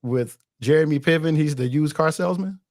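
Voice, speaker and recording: A man's voice: fairly high pitch, brisk, a little mellow, dry recording, studio quality. A man co-hosting a podcast, casually teasing and scolding his co-host, often laughing as he talks. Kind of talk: casual chat.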